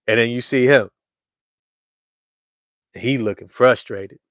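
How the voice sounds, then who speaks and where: A man hosting a casual basketball fan show, talking to his live chat in animated slang and repeating lines for emphasis. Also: slow pace, no room sound, studio quality. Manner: animated storyteller, swings from loud hype to low murmur. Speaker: sports show host.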